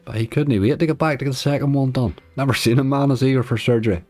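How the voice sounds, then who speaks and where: A man's voice: medium pitch, fast, a little mellow, soft background music. A man streaming slots, chatting casually and answering viewers' comments. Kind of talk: casual livestream chat.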